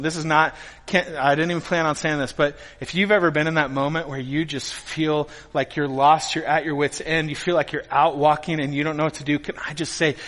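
A man preaching a sermon with a high, bright, forceful voice, telling stories with animated swings between loud and hushed lines. His words ring out with long reverb in a large church hall. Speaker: pastor.

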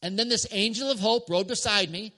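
A male pastor tells a story from the pulpit with a bright, slightly high voice, pausing for emphasis and laughing now and then. His words ring out with a long reverb in a large hall. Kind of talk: sermon story to a congregation.

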